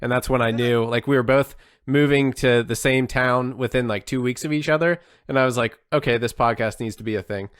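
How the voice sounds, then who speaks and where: A man's voice: medium pitch, fairly even intonation, a little fast, hardly any pauses, clean tone, no echo, studio quality. A man co-hosting a casual podcast chat, joking and laughing easily.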